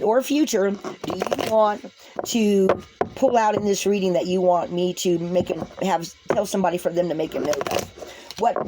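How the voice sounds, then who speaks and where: A woman's voice: mid-range voice, background noise. A woman giving a casual spiritual tarot reading to camera, chatty, laughing often and talking straight to her viewers. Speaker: tarot card reader.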